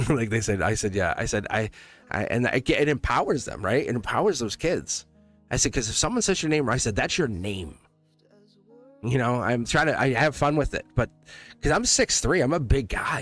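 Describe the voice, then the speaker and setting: Chatty man, laughing through rambling stories. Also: lowish voice. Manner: quotes himself often. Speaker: tarot reader. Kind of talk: casual livestream chat. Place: home studio. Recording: faint music behind.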